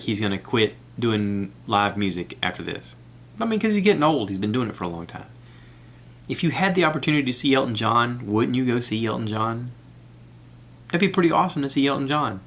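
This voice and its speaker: A man's voice: mid-range voice, fairly bright tone. A man hosting a solo podcast, talking in a chatty, rambling way and recommending things with enthusiasm. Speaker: podcast host. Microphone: iPad recording app.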